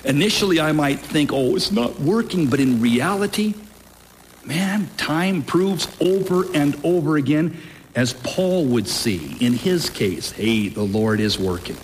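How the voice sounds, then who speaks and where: A man preaching a sermon with emphatic, deliberate delivery, lifting his voice on key phrases. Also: on the high side, animated, a little hiss or hum. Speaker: pastor.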